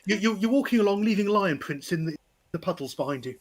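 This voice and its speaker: A man's voice: high-pitched, lively intonation, fast talker. A man running a tabletop game as game master, talking in a hesitant way with many fillers and restarts. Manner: hesitant, lots of "sort of" and restarts.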